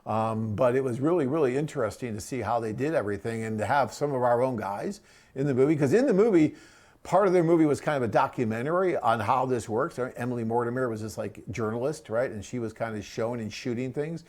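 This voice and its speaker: A man hosting a live webcast and answering viewer questions in a chatty, rambling way, often tagging on "right?" and pausing with "um". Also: mid-range voice, expressive, darkish tone.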